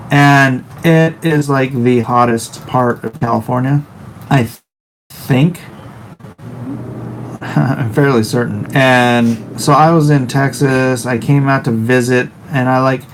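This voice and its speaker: A man's voice: medium pitch, fairly even intonation, takes it slowly, slight background noise, poor audio. A man live-streaming while he draws, chatting casually and with a wry tone as he reads chat aloud in his home studio.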